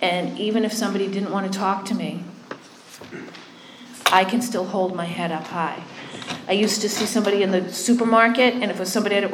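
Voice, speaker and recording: A woman gives a personal recovery testimony in a loose, conversational way. She is candid and pokes fun at herself, and keeps checking in with her listeners. Her voice sits at a middle pitch, with a roomy echo around it and faint noise in the background. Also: fast talker. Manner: candid and self-deprecating. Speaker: speaker sharing a recovery story. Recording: echoey room.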